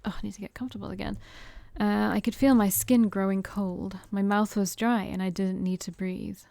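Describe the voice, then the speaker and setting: A woman's voice: mid-range voice, steady tone, normal speed, gravelly, mellow, dry recording. A woman playing a visual novel on stream, reading its narration aloud and breaking off to joke and laugh at it. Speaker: game streamer.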